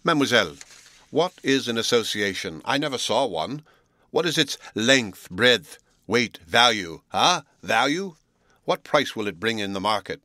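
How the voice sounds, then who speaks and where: Man voicing a sneering, scornful gentleman. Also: medium pitch, sing-song, moderate pace, dry recording. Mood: mocking. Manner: mocking, lecturing, loud emphasis. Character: scornful, sneering blunt Englishman, adult male.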